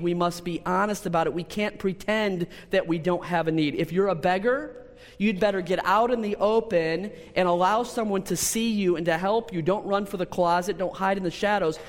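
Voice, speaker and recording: A man's voice: high voice, normal speed. Preacher man telling a story in a hall. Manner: storytelling, animated, with repeated words and restarts. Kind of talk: sermon with personal story. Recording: long hall reverb.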